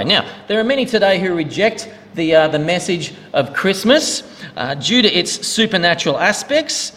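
A man's voice: high-pitched, big pitch swings, normal speed, a bit bright, slight background noise. A male minister giving a sermon in a church, in a conversational preaching manner with a joke to open. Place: church hall. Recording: long hall reverb.

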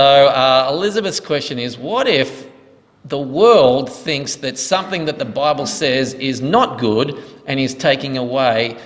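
A man leading a question-and-answer teaching session as pastor, explaining answers earnestly. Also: mid-range voice. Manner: earnest, explanatory, thanks each asker. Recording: reverberant hall.

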